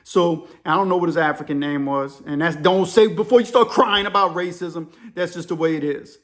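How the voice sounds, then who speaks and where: A man host telling a story in a casual, animated way. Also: fairly high pitch. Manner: animated, quick shifts between narration and voices.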